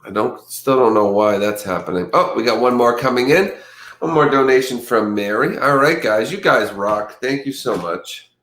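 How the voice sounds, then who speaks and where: A man's voice: medium pitch, expressive, normal speed, a bit bright. Casual male livestream host with a mid-range voice, rambling delivery, echoey room. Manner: rambling, stumbles over words. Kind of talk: casual livestream chat and news reading.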